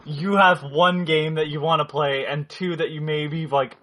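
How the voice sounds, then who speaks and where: A man's voice: fairly high pitch, steady tone, unhurried, heavy background noise. A man co-hosting a gaming podcast, blunt and sarcastic, swearing while reading out news items. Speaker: podcast co-host. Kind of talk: casual chat.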